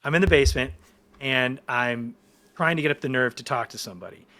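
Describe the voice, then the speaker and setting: A man in his forties, a podcast guest, telling stories in casual chat in an excited, rambling way with many restarts. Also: medium pitch, fairly quick.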